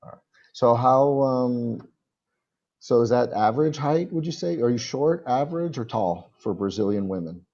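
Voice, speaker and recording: A man in his forties teaching English in a relaxed one-on-one video call, repeating words patiently so the student can copy them. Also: medium pitch, normal speed, muffled recording. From United States. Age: 40s. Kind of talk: casual one-on-one lesson.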